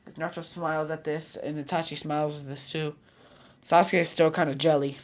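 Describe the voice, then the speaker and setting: A man's voice: a little high, level tone, fairly quick. A man casually narrating a fan fiction story, rambling with offhand asides.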